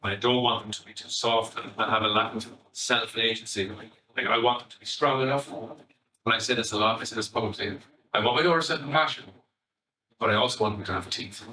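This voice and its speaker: A middle-aged Irish man, a family psychotherapist, giving an animated, conversational public talk and swearing casually. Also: lowish voice, a little fast, echoey room, far from the mic, low-quality recording. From Ireland.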